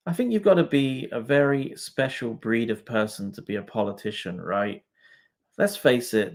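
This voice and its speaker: Slow-talking man reading chat. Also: lowish voice, creaky. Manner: swears freely, laughs often, talks to comments. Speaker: live stream host reading chat. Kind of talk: casual live stream chat.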